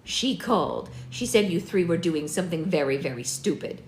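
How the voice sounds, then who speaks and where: A stern, blunt woman with a gruff, low voice, as a woman puts her on for a read-aloud. The room is roomy, with a faint hiss. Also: animated, normal speed, lightly acted.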